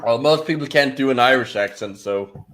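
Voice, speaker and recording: A man's voice: medium pitch, normal speed, fairly bright tone. A man with a Danish accent, co-hosting a casual game stream and thinking aloud with frequent restarts. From Denmark. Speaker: co-host.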